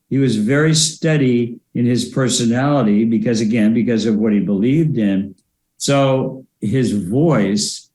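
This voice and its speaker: An older man, a former presidential advisor and speech coach, giving measured, anecdotal interview answers with frequent fillers. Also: mid-range voice, a little mellow. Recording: roomy echo.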